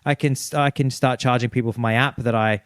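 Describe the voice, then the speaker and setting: A man's voice: mid-range voice, fairly even intonation, fast, no echo, studio quality. A man in his thirties, co-hosting a podcast, riffing emphatically in casual chat. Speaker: podcast co-host.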